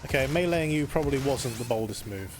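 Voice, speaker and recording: A man's voice: medium pitch, lively intonation, fairly quick, over music. A man streaming a shooter game live, rambling and joking, talking to the enemies on screen. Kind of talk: live gameplay commentary.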